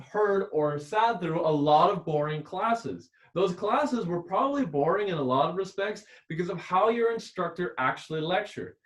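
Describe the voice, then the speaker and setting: A man lecturing as a public speaking instructor who keeps shifting his volume and tone to sound expressive. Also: a little high. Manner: expressive, constantly varying volume and tone. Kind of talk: recorded lecture. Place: rented room used as a classroom. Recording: echoey room.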